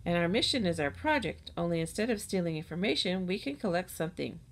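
A woman's voice: fairly low pitch, lively intonation, quick pace. A woman voicing an eager bossy schoolgirl. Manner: eager, commanding. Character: young schoolgirl, bossy ringleader of a secret club. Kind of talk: storybook reading.

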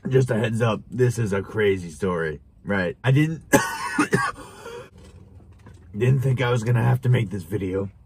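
A young man telling a wild story to camera in a casual, animated way, laughing and swearing as he goes. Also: lowish voice, a little slow, pauses often, noisy background. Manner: animated, chuckling, swearing, with restarts. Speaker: vlogger.

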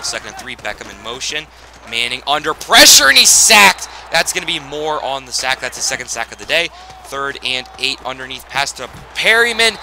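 A man's voice: medium pitch, slight background noise. Young man doing casual play-by-play commentary. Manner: casual, excitable on big plays. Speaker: gaming channel host. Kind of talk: play-by-play commentary over a football video game.

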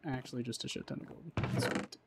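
A man's voice: medium pitch, fairly even intonation, fairly quick, vocal fry. A man streaming a modded block-building game, chatting casually with wry, profane self-deprecation. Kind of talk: casual gaming chat. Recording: loud background noise on stream audio.

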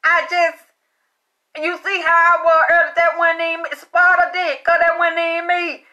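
A high-pitched woman gives a loose, chatty tarot reading, swearing freely and laughing as she goes. Her voice is bright and sharp. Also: completely flat delivery, moderate pace, lo-fi sound. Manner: chatty, profane, breaks into laughter. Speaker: tarot card reader. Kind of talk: casual spiritual reading monologue.

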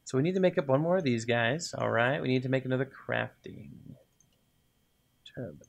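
A man's voice: mid-range voice, fairly quick, gravelly. A man casually commenting as he plays a game, talking to the items and muttering to himself, then cheering when things work. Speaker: gaming video host. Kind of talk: casual let's-play commentary.

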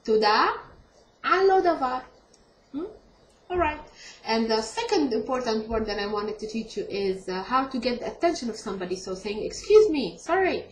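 A woman's voice: on the high side, lively intonation. Hesitant woman teaching in an echoey room. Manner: hesitant, lots of ums and self-corrections, repeats words slowly. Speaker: language teacher. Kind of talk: casual online language lesson. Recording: echoey room with faint ambient noise.

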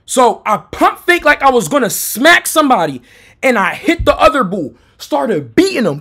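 A young American man who streams, telling a personal story in a loose, profane way, going from low mutters to shouts. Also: very animated, moderate pace, vocal fry, slightly rough. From United States. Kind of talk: storytime chat.

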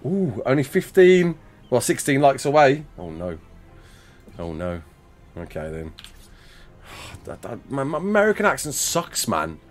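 Chatty man with lively pitch. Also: a little slow, long pauses, faint music behind. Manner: chatty, joking, laughs often. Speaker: game streamer. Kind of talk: live gameplay chat.

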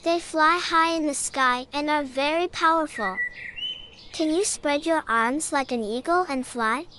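Slow high-voiced woman narrating for kids. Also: background noise. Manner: bright, encouraging, asks the listener to join in. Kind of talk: scripted narration for children.

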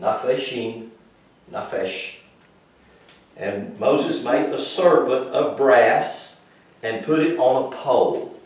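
Heard from a distance in a very echoey congregation room, a preacher gives a Bible-teaching sermon, pressing his points emphatically and putting questions straight to the congregation. He speaks slowly in a mid-range, darkish voice.

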